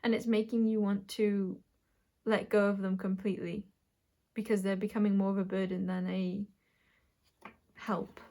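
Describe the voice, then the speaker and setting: Woman, tarot reader, mid-range voice, slow and musing delivery with frequent pauses. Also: mid-range voice, flat delivery, mellow. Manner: musing, halting, talks while drawing cards. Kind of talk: collective tarot reading.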